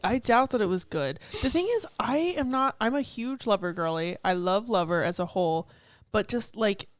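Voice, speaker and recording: A woman's voice: mid-range voice, animated, normal speed, dry recording. A woman co-hosting a casual podcast, blunt and opinionated, swearing offhandedly. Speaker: podcast co-host. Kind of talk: casual chat.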